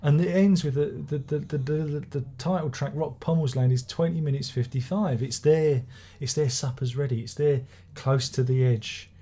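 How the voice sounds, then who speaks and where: A man's voice: fairly high pitch, fairly even intonation, normal speed, hardly any pauses, mellow. A man giving a rambling, sardonic album review, swearing and restarting his sentences as he goes. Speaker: music reviewer. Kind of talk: casual spoken album review.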